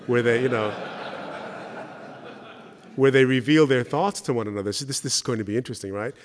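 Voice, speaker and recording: A man's voice: mid-range voice, a little fast, pauses often. A middle-aged man giving a talk at a church gathering, telling stories in a conversational way and often checking in with the audience. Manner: conversational, keeps checking with the audience by asking "right?". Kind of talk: spoken talk with anecdotes. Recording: reverberant hall.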